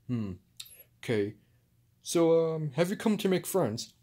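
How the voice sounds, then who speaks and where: A man voicing a calm, patient superhero, talking hesitantly with many fillers in home toy play-acting. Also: fairly high pitch, slow, heavily acted.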